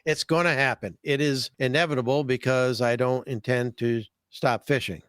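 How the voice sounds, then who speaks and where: A man's voice: mid-range voice, fairly even intonation, moderate pace, a bit bright, clear, resonant tone, no echo. Folksy, chatty man on a dry mic. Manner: folksy, enthusiastic, repeats words. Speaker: podcast host, fishing guide. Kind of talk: casual podcast chat.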